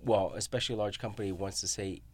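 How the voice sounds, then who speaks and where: A man's voice: on the low side, fairly even intonation, quick pace, slight background noise. A middle-aged man, a professor, talking casually and telling stories with frequent tag questions like "you know?" and "right?". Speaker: university researcher and professor. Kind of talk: casual academic discussion.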